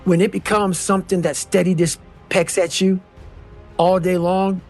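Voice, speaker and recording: A man's voice: high voice, level tone, normal speed, a little mellow, faint music behind. A man giving an intense, blunt motivational speech in an emphatic manner. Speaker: motivational speaker.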